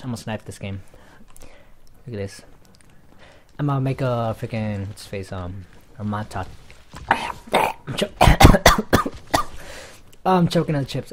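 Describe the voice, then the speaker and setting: Rambling, excitable young gamer guy. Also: fairly low pitch, a little hiss or hum. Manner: rambling, easily distracted, excitable outbursts. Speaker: gaming YouTuber. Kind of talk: casual gameplay commentary. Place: home room in front of TV.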